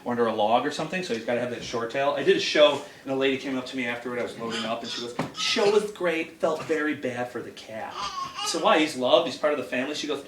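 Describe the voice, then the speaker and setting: A middle-aged exotic animal handler and educator races through jokey stories with hardly a pause, laughing as he handles an animal inside a house. His voice is medium in pitch, with a crowd audible behind him. The home video sounds roomy and distant, with background noise.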